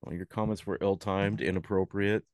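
A man's voice: deep voice, steady tone, moderate pace, a little mellow, no echo, clean studio sound. A man co-hosting a casual wrestling prediction show, playful and teasing with hesitant fillers. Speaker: podcast co-host.

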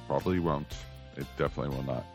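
A man's voice: extremely low pitch, steady tone, very fast, a little mellow, soft background music. An American man hosting a podcast, talking casually and rambling with many fillers. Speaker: podcast host.

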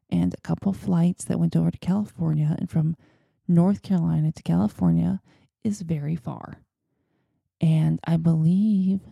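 A woman's voice: sits low, vocal fry, warm tone, slightly rough, dry recording, studio quality. A woman hosting a podcast, telling a personal story in a chatty, rambling way. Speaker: podcast host. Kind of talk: casual storytelling.

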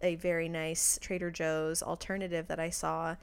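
A woman co-hosting a casual chat show, chatty and quick to laugh. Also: sits low, level tone, creaky, clean tone. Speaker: co-host.

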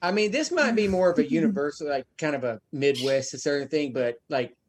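A man's voice: on the high side, animated, brisk. A man from Georgia in a casual podcast chat, rambling through anecdotes with swearing.

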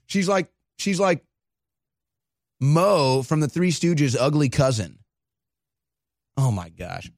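A man hosting a political commentary show, excitable and mocking, often breaking into laughter. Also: fairly high pitch, extremely slow, pauses often, no room sound, studio quality. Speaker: host.

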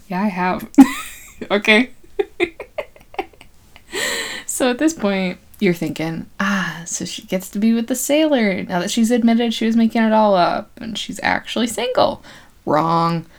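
A young woman casually recapping an old film, chatty and slangy, laughing often and acting out quotes in quick voices. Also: medium pitch.

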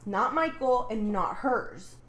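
A woman's voice: on the high side, animated, slow pace, a bit bright, slight background noise. A young woman co-hosting a podcast, recapping a book in a casual, chatty way, swearing freely and saying "like" a lot. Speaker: podcast co-host. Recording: echoey room.

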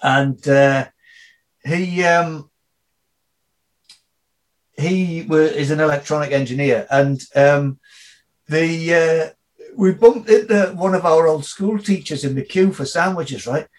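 A man's voice: fairly high pitch, slow pace, pauses often. Chatty Geordie man telling rambling anecdotes. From Northeast England. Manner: rambling anecdotes, full of fillers and restarts, acting out quoted people. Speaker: comedian guest. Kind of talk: casual podcast interview.

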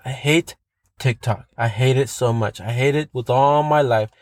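In a clean, echo-free studio recording, a man delivers a solo rant at normal speed with a medium-pitched, slightly mellow voice. He's profane and emphatic, hammering his points home by saying them again.

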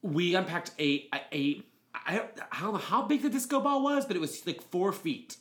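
A man co-hosting a podcast, telling a story in casual chat, laughing often and jumping into high quoted voices. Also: expressive, normal speed, fairly bright tone. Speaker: podcast co-host.

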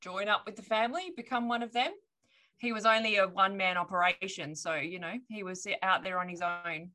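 A woman's voice: mid-range voice, steady tone, a little fast, bright, forceful tone. A woman co-hosting a casual podcast, telling a story with wry asides and frequent laughter.

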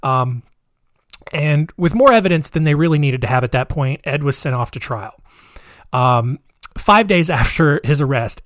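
A man's voice: a little high, no room sound, clean studio sound. A young man casually retelling a true-crime story, chatty, with fillers and personal asides.

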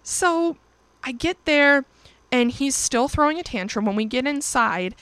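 A woman's voice: high voice, normal speed, a bit bright, clean tone, dry recording. A woman telling a personal story in a casual vlog, blunt and emphatic, with frequent swearing.

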